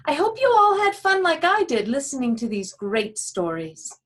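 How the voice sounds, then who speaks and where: A woman's voice: on the high side, husky. A woman hosting a story hour, introducing readers and closing the program. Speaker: host.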